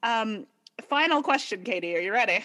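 Woman, podcast co-host, playful and giggly, high voice that swings up and down. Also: animated, moderate pace, sharp tone. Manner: giggly, playful, laughs a lot. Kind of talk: casual chat, quiz questions.

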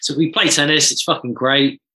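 Male drummer, bright voice, lively anecdotal chat, swears freely. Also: on the high side, moderate pace, poor audio. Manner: animated storyteller, swears casually. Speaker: drummer guest. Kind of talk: casual podcast chat.

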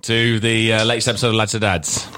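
A man's voice: fairly low pitch, little pitch movement, fast talker, sharp tone, no echo, clean studio sound. A man co-hosting a podcast, chatting casually in a jokey, self-deprecating way and cutting in often. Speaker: podcast co-host. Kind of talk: casual chat.

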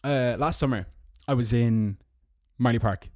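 An unhurried young Irishman with a darkish voice hosts a solo podcast from his parked car, wandering through stories and tossing in sarcastic remarks, going mock-squeaky when he teases someone. The recording is dry, with clean studio sound.

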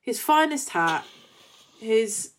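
A woman with a somewhat high voice co-hosts a casual fan podcast. She retells scenes in a chatty, animated way and fills her talk with fillers. She jumps into quoted lines as she goes. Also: slow. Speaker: podcast co-host.

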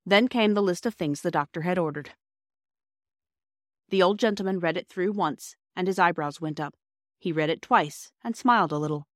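A woman narrating a classic children's story as a podcast host, in a clear, steady reading voice. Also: lowish voice, moderate pace, no room sound, studio quality.

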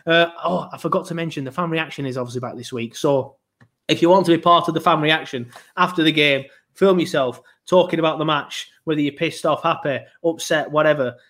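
Man, slightly higher voice; casual, sweary football-podcast host. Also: brisk, fairly bright tone. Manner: sweary, rambling, laughs often. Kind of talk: casual chat.

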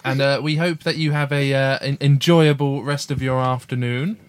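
A man hosting a casual podcast chat, gentle and encouraging, often restarting his sentences. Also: medium pitch, steady tone, normal speed, clean tone. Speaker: podcast host.

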